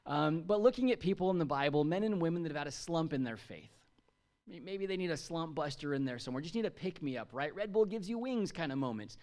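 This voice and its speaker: A man's voice: on the high side, animated, fast talker, a little mellow. A man in his thirties from the United States preaching a sermon to a congregation in a chatty, jokey way, asking them questions. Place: church.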